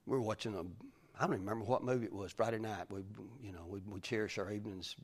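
A man preaching a folksy sermon as pastor, swinging from loud calls to hushed whispers. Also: fairly low pitch, steady tone, quick pace.

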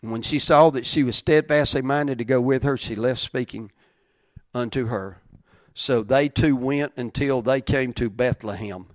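A man's voice: medium pitch, moderate pace, no echo, clean studio sound. A man preaching a sermon, reading old-style scripture aloud and repeating key lines for emphasis.

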